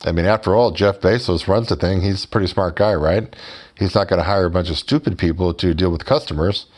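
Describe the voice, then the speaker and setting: Sarcastic low-voiced man. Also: a little fast, darkish tone. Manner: sarcastic, mocking; addresses viewers directly as folks. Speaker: YouTuber. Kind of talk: sarcastic storytelling to camera.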